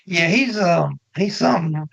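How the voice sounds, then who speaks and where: A podcast regular on a remote call, chiming in with quick, blunt reactions. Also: mid-range voice, expressive, creaky, muffled recording. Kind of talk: casual podcast chat.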